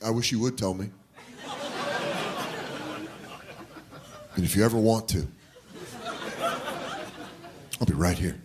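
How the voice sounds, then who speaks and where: A man playing a gentle, worried middle-aged father who speaks softly and then frantically, heard with clear background noise. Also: on the low side, racing, pitched below the performer's own voice, natural voice. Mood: tender.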